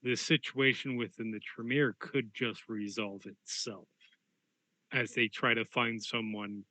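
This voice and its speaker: A man's voice: mid-range voice, pushed and bright, no echo, low-quality recording. A man voicing a courteous outsider vampire who addresses a prince formally and somewhat hesitantly in a tabletop game. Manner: polite, formal, a bit hesitant.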